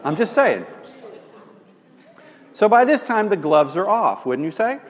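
Animated man teaching in an echoey hall. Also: sits high, unhurried. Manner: animated, storytelling, wry asides. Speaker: marriage teacher. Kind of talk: lecture on marriage conflict.

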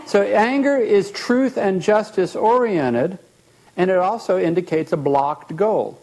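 A man teaching as a therapist, animated, often acting out short bits of dialogue and repeating words as he explains. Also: high-pitched, normal speed.

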